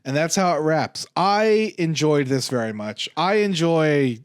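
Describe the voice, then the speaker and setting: A man co-hosting a podcast in casual chat, retelling an episode and acting out the characters' lines with sudden jumps in pitch. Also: smooth, no echo, studio quality. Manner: animated storyteller, acts out characters' lines in quick jumps of pitch. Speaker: podcast co-host.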